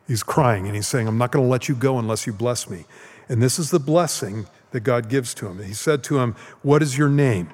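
A man's voice: mid-range voice, darkish tone. A male pastor teaching the Bible in a casual, conversational way, often checking in with "okay?" as he goes. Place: church sanctuary. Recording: long hall reverb.

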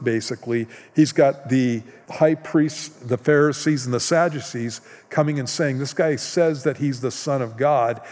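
A man's voice: medium pitch, a little mellow. Male pastor, earnest sermon delivery, mid voice, church hall reverb. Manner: slow, earnest preaching with restarts.

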